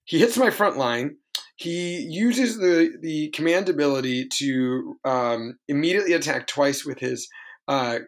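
A man's voice: on the high side, fairly bright tone. A man co-hosting a podcast, recounting a tabletop wargame in a rambling, self-correcting way. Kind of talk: casual podcast chat.

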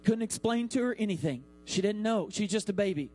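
A man in his thirties preaching a sermon as pastor, with dramatic pauses and acted-out quotes. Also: sits high, expressive, a little mellow, soft background music, poor audio. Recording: mains hum.

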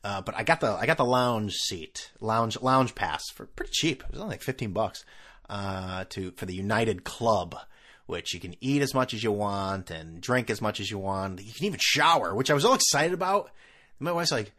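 A man's voice: fairly low pitch, animated, normal speed, pushed and bright. Sarcastic, rambling male podcast host. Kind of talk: casual solo podcast rant.

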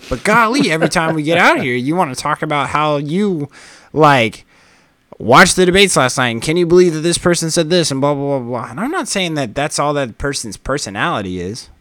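A man's voice: on the high side, expressive, a little fast, fairly bright tone, no echo, clean studio sound. A man co-hosting a casual podcast, ranting in a heated way and swearing freely. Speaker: podcast co-host.

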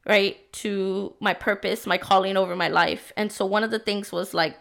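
A woman's voice: medium pitch, fairly even intonation, normal speed, gravelly, fairly bright tone. A young woman hosting a faith-based motherhood podcast, talking earnestly with lots of "right?" and "like", her voice worn from being sick. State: sick, voice affected. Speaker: podcast host.

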